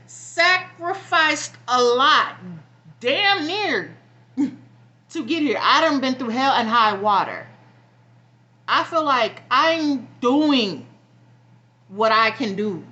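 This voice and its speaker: A young woman talks straight to her camera in an emotional personal vlog, venting bluntly with frequent swearing. Her voice is high and bright, and she sounds close to tears and worn down. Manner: frustrated, blunt, profane venting. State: near tears. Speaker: vlogger.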